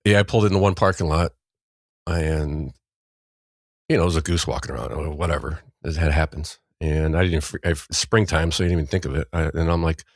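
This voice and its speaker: Middle-aged Midwestern man, very low voice, rambling storyteller, dry close mic. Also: fairly even intonation, fairly quick, no echo. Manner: rambling storyteller, acts out quotes loudly. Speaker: podcast co-host. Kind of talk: casual chat.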